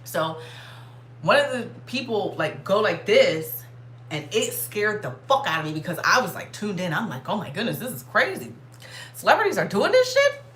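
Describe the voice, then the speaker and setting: A woman vlogger telling a story in a casual, animated way, swearing and saying "like" constantly. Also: medium pitch, roomy sound, slight background noise. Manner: animated, profane, heavy filler "like".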